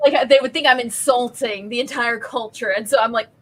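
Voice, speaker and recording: An American woman co-hosting a casual livestream chat, playful and animated. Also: fairly high pitch, fairly quick.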